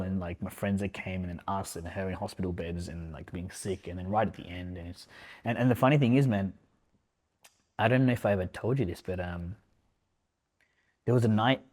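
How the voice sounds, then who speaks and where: Low-voiced man, reflective podcast guest. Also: a little mellow. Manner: reflective, halting, heavy use of fillers like "man" and "like". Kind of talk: casual emotional conversation.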